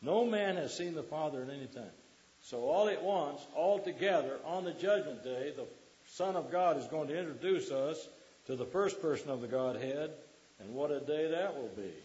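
A man's voice: on the high side, expressive, normal speed, darkish tone, lo-fi sound. A man preaching a sermon to a congregation, quoting scripture and putting questions to the listeners.

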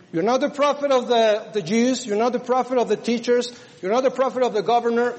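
A man's voice: sits high, a little mellow, long reverb tail, low-quality recording. A man preaching a sermon in an earnest, exclaiming way, with frequent fillers as he walks through scripture.

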